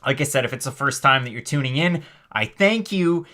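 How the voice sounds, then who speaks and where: A man hosting a live MMA stream, talking fast and chatty with lots of fillers while reading out the chat. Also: medium pitch. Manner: energetic, rapid, chatty with many fillers. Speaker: host of a live MMA show.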